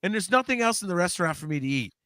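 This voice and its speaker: Animated high-voiced ranting man. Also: racing, no room sound, clean studio sound. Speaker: podcast co-host. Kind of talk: casual chat.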